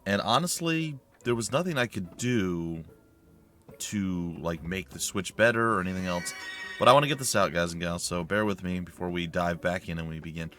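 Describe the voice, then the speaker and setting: Brief: chatty male let's player, lowish voice, faint music behind. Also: normal speed, a bit bright. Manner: rambling, chatty, self-correcting. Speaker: let's play host. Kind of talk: casual gameplay commentary.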